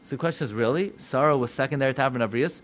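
A rabbi preaching a sermon, animated and full of rhetorical questions to his listeners. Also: mid-range voice, very fast.

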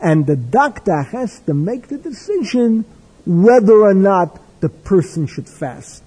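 An older man giving a discursive religious lecture with stories, in a husky voice. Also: high-pitched, very animated, measured pace, dark tone. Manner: discursive, wry, with Hebrew and Yiddish terms. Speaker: religious teacher. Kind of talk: lecture with storytelling. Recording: echoey hall with long reverb.

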